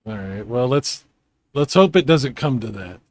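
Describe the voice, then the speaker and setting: A man hosting a casual video game chat from home, rambling and quick to laugh. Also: mid-range voice, lively intonation, darkish tone, no room sound. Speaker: host.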